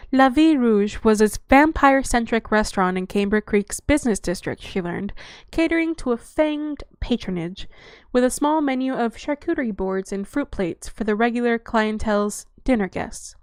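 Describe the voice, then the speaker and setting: A woman's voice: on the high side, expressive, normal speed, smooth, no room sound, studio quality. A woman reading fiction aloud in fluid narration, dropping profane offhand asides. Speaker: audiobook reader.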